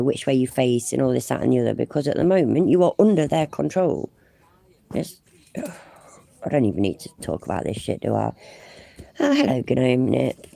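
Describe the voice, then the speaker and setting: Lady streaming reactions, proper gravelly fry, dark low-key tone, swears a lot and talks to chat. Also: dry recording. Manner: exasperated, swearing, chatty asides to viewers. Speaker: live-stream commentator. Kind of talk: casual reaction commentary.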